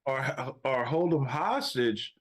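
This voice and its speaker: A man co-hosting a casual movie review chat, relaxed, with joking asides and laughter. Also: mid-range voice, takes it slowly, rough recording.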